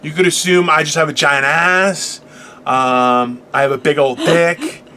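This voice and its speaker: A man co-hosting a podcast in casual comedic chat, telling animated jokey stories and acting out other people's voices. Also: on the high side, a little slow. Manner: animated, jokey storyteller who acts out voices. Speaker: podcast co-host.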